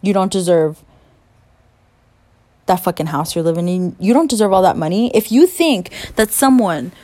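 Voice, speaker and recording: A woman's voice: lowish voice, lively intonation, moderate pace, dark tone, no room sound. A young woman in a late-night rant, angry and profane, with heavy emphasis on her words. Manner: mocking whiny voice when imitating others. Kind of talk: late-night ranting monologue.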